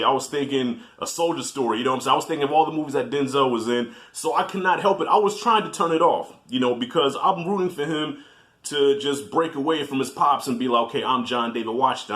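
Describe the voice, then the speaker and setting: A man reviewing a film in a casual vlog, telling animated stories, swearing freely and addressing viewers directly. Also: medium pitch.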